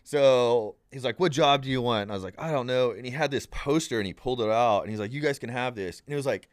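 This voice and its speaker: A man's voice: medium pitch, fast, dry recording, clean studio sound. A young man, a podcast guest, telling a story in a casual, rambling way, acting out the people in it and saying "dude" a lot. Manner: rambling and animated, acts out quoted voices, says "dude" often.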